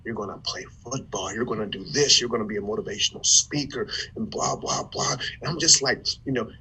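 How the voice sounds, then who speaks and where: A man from Ohio, a former football player turned motivational speaker, telling his life story in an animated way with stammered restarts. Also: mid-range voice, brisk, hardly any pauses, slightly rough, rough recording. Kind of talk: conversational storytelling.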